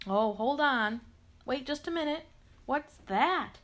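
A woman's voice: sits high, animated, takes it slowly, fairly bright tone, slight background noise. A woman reading a picture book aloud, talking playfully to the character and adding sound effects. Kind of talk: expressive read-aloud to a character.

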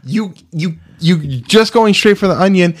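A man's voice: high voice, normal speed. A man hosting a casual comedy podcast, pushy and teasing, swearing freely and laughing often. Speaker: podcast host.

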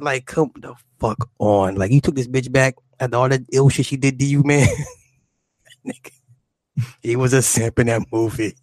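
A man's voice: mid-range voice, steady tone, moderate pace, a little mellow, no room sound. A man chatting casually on a livestream, rambling and profane, laughing often. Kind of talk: casual chat.

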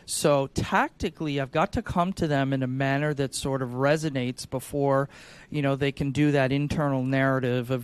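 A man on an insurance sales podcast giving tactical advice in a lively, demonstrative way, often acting out calls. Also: mid-range voice, moderate pace, smooth, no room sound. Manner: animated, acts out sales calls.

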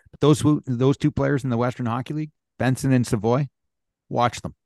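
A man's voice: mid-range voice, steady tone, a little fast, a little mellow, dry recording, studio quality. A man co-hosting a podcast, speaking bluntly and with emphasis about hockey. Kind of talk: casual chat.

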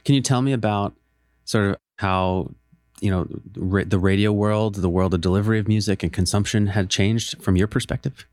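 A man's voice: fairly low pitch, steady tone, moderate pace, a little mellow, no room sound. A man interviewing a guest in a casual way, giving short encouraging replies. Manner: brief encouraging responses and laughs.

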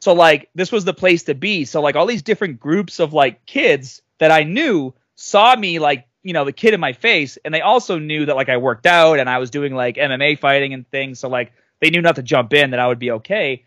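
A man in his late thirties telling a story casually on a podcast, animated and loudly acting out the people he quotes. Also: fairly high pitch, a little fast, hardly any pauses, no echo. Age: 30s. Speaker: podcast guest.

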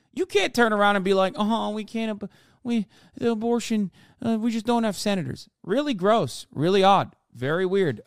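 A man's voice: high-pitched, a bit bright, no room sound, clean studio sound. A man hosting a livestream, giving profane, ranting political commentary with mocking asides. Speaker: livestream host.

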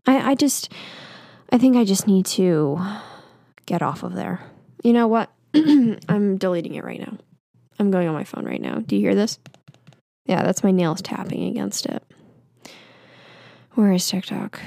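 A woman's voice: mid-range voice, lively intonation, moderate pace, gravelly, long pauses, dark tone, dry recording, clean studio sound. A woman in her twenties talking into a mic in a candid, self-deprecating monologue that rambles with fillers. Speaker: vlogger. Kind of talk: casual confessional monologue.

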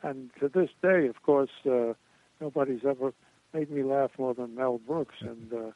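An older man telling comedy stories as a guest in a radio interview, rambling with many pauses and restarts. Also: medium pitch, dry recording. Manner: rambling anecdotes with frequent uh and restarts. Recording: tinny dry phone line.

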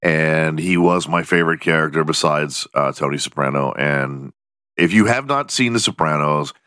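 A man's voice: very deep voice, moderate pace, bright, forceful tone, no room sound, clean studio sound. A man hosting a solo podcast, rambling and joking with lots of swearing. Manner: profane, rambling, jokey. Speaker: podcast host. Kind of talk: casual solo podcast rant.

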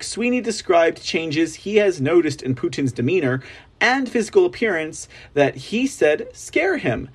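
A man with a fairly high voice that swings widely up and down as he hosts an online news show. He reads articles aloud and breaks off into sarcastic jokes and laughter. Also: breathy edge. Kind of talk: casual commentary reading headlines.

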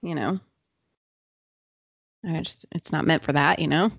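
A woman hosting a podcast, telling a true crime story in a casual, chatty way with quick asides and fillers. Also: deep voice, vocal fry, no echo. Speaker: podcast host.

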